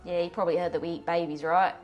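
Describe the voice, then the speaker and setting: A woman's voice: fairly low pitch, little pitch movement, rapid-fire, a little mellow, lo-fi sound, faint music behind, voice pushed down, close to an everyday voice. A woman voicing a crude, cheeky young goblin who talks in a brash, jokey way.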